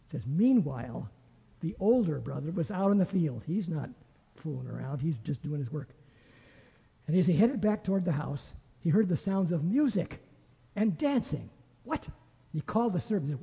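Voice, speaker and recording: An older man teaching a Bible class, retelling a parable with lively storytelling and acted-out voices. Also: fairly high pitch, normal speed, vocal fry, husky, in a large hall, rough recording.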